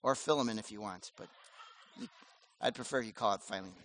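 A man preaching a sermon as pastor, animated and conversational, with casual slang. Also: fairly low pitch, fairly quick, a little hiss or hum.

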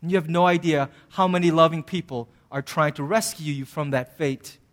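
A male pastor preaching a sermon in a conversational, animated way, with sudden bursts of emphasis. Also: on the high side, normal speed.

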